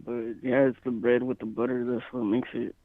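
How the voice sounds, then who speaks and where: A man's voice: medium pitch, flat delivery, moderate pace, no room sound, narrow, tinny audio. A man co-hosting a podcast in easygoing casual chat, joking and laughing at himself. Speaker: podcast co-host.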